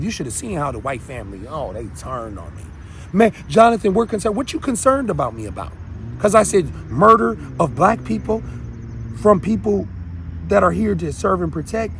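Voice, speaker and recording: A man from Minnesota hosting his own show, ranting to viewers in a rambling, emphatic way that swings between loud and quiet. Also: sits high, a little hiss or hum. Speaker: show host. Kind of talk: unscripted rant to viewers.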